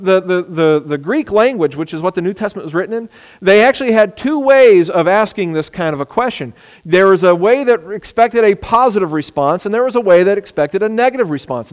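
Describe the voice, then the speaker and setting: A man preaching a sermon, animated, sometimes acting out the words of people he quotes. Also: high-pitched, fairly quick. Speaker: pastor. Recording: long hall reverb.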